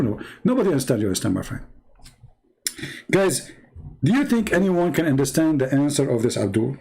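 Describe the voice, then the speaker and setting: A man's voice: medium pitch, big pitch swings, fairly quick, gravelly, pauses often, mellow, breathy edge. Mocking, sarcastic man hosting a debate. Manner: mocking and sarcastic, laughs at his opponent; emphatic, repeats points. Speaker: livestream host debating a caller. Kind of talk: live-streamed religious debate.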